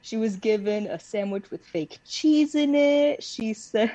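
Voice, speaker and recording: A woman's voice: fairly high pitch, measured pace, mellow, no room sound. A young woman co-hosting a podcast, chatting casually about her siblings and laughing as she tells stories. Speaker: podcast co-host. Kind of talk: casual conversational chat.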